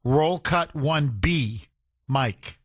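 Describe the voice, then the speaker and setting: A man's voice: fairly high pitch, lively intonation, extremely slow, no echo, studio quality. A man hosting a talk radio show, giving emphatic, indignant commentary and mimicking the people he talks about.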